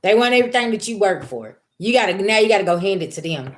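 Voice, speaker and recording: Speaking fast and directly to her audience, a woman gives a casual spiritual reading. She's blunt, animated and profane, ranting and lecturing in loose street slang. Her pitch sits at an ordinary middle level.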